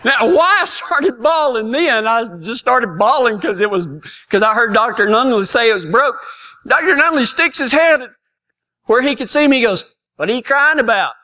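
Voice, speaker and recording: A man's voice: extremely high pitch, normal speed, sharp tone. A middle-aged man telling a comic personal story in a folksy, self-mocking way, laughing often. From Texas.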